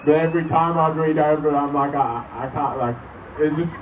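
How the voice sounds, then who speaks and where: A young Australian man giving an earnest, nervous, halting protest speech outdoors. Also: a little high. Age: young adult. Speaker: rally speaker. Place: outdoor street rally in rain. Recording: distant muffled mic, loud crowd and noise.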